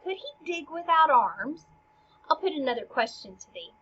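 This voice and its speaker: A woman reading the lines of a loud, mocking male gravedigger clown in a booming, scornful recitation. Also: very animated, moderate pace, lo-fi sound.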